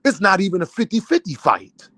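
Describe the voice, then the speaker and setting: A man's voice: high-pitched, huge pitch swings, a little fast, bright, forceful tone, dry recording. Man, boxing streamer, angry rant, profane, worked up, dry recording. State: worked up and fuming. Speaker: boxing content creator. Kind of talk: livestream rant.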